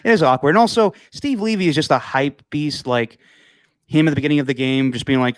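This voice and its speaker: A male co-host in casual sports banter, animated and quick to imitate commentators. He speaks from home over a video call, and the sound is dry and close. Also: a little high, no echo. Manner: animated, acts out announcers in mocking voices. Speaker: podcast co-host.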